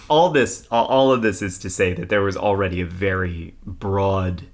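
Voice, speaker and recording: A podcast co-host with a low-sitting voice and moderate pace tells a history story in casual conversation. He laughs often and reads passages from old newspapers aloud.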